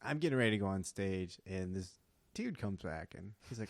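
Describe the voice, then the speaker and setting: A man's voice: deep voice, a little fast, no echo. A young man in his twenties, a comedian guest chatting casually on a podcast recorded in a house, telling stories with lots of laughter and "like" fillers. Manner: animated storyteller, laughs often, heavy "like" fillers.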